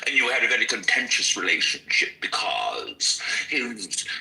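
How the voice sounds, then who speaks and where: A florid, theatrical older writer speaks in a put-on mid-Atlantic accent, drawing his phrases out with grand self-regard, as a podcast host mimics him. The voice sounds bright and sits somewhat away from the mic. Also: on the low side, sing-song, normal speed, creaky, far from the mic, exaggerated voice, low-quality recording.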